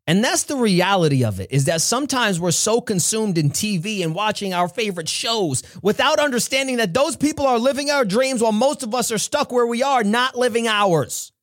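A man from New York giving an earnest, preachy motivational talk with frequent laughs. His voice sits high, and the recording is dry and close. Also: animated, brisk, few pauses, no echo. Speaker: podcast host, motivational speaker.

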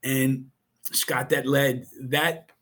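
Earnest husky-voiced middle-aged man. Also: medium pitch, little pitch movement, drawn-out words, a bit bright. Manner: earnest and emotional, retelling with quoted dialogue. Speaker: guest. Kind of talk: casual interview storytelling.

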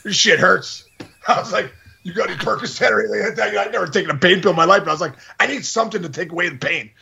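A man in his forties hosting a podcast, telling a story in casual chat, excitable and exaggerating, laughing at his own tale. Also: sits high, racing, creaky, breathy edge. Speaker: podcast host.

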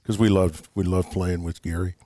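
A man's voice: deep voice, steady tone, normal speed, mellow, no echo, studio quality. A man, a former ballplayer, telling rambling stories with chuckles as a podcast guest. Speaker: guest, former baseball player. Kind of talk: storytelling in casual chat.

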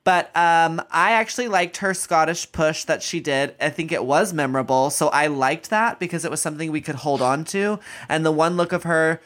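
A man's voice: a little high, normal speed, hardly any pauses, a bit bright. A man chatting as a podcast guest, gushing and playful in a campy way. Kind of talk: casual chat.

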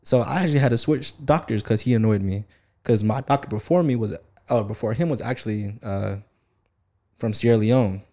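A young man in casual chat, telling stories in an animated, slangy way with lots of "like". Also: on the low side, fairly quick.

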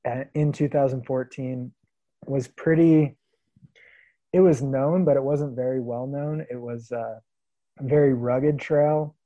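A man around thirty from the Pacific Northwest, telling stories in a relaxed podcast interview and laughing often. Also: medium pitch, takes it slowly, dry recording, dull audio. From Vancouver, Washington. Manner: easygoing storyteller, laughs often. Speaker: guest, long-distance hiker.

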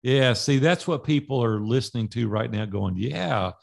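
A man who is a business coach, a podcast guest telling animated stories and acting out past conversations in dialogue. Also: medium pitch, moderate pace, vocal fry. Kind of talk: storytelling in a podcast interview.

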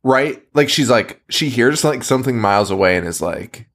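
Male co-host with a bouncy, expressive voice, profane and giggly. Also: medium pitch, normal speed. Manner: animated, laughing, swearing. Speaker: podcast co-host. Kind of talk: casual chat.

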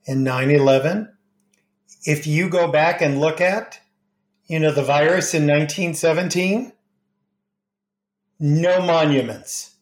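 Male author guest, slightly high voice, animated anecdotes, recorded in an echoey room. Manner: animated anecdotes, acts out quoted dialogue. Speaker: grief expert and author. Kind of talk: interview conversation, storytelling.

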